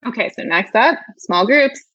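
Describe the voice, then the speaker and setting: A woman's voice: on the high side, lively intonation, moderate pace, pushed and bright, breathy edge, no room sound. A woman guest explaining teaching ideas in a chatty way, with lots of filler "like"s. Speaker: guest literacy educator. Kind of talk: casual conversational interview. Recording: dull lo-fi dry sound.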